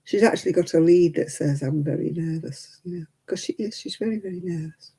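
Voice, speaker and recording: A woman's voice: fairly low pitch, fast, warm tone, breathy edge, poor audio. A woman in her seventies chatting casually and rambling with chuckles while she hosts a crafting livestream. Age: 70s. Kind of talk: casual chat.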